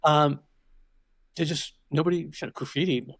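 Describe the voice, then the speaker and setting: With a medium pitch and moderate pace, and no room sound, an older podcast guest tells interview stories conversationally. He is reflective and digressive, often restarting what he's saying.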